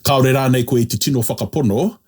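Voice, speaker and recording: Nz guy teaching grammar, patient, keeps checking you got it, a bit husky. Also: mid-range voice, fast talker, a little mellow. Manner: patient, explains step by step, frequent "ka pai" checks. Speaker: language tutor. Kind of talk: language lesson chat.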